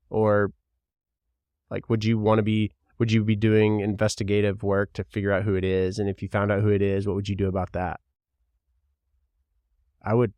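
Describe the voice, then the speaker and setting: A young man with a mild Kentucky accent talks through a solo podcast, loose and rambling, dropping the odd swear word. His voice sits low. The sound is dry and close, with almost no room around it. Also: darkish tone, no echo. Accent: mild Kentucky Southern. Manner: rambling, frank, swears casually. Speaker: podcast host. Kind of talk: casual solo podcast talk.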